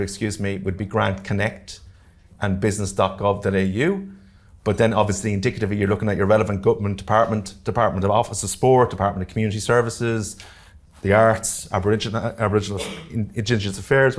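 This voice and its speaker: Fast-talking Irish man, low voice. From Ireland. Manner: fast-talking, jokey, keeps checking in with the audience. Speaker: grants workshop presenter. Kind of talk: live workshop presentation. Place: community centre meeting room.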